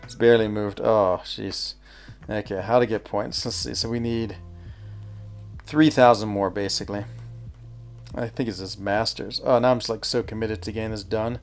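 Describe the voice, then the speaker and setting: A man's voice: lowish voice, steady tone, normal speed, faint music behind. A man chatting casually while streaming a mobile game, thinking aloud, answering chat and laughing easily. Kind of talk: casual live gameplay commentary.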